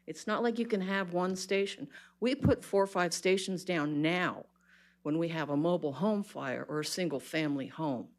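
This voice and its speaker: A woman's voice: on the low side, normal speed. A woman giving an impassioned, exasperated public comment at a county board meeting, speaking bluntly into a podium microphone.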